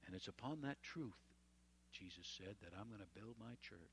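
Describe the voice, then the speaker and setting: A man's voice: lowish voice, animated, normal speed, slight background noise. A man preaching a sermon, retelling scripture in a conversational, folksy way with chatty asides. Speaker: pastor.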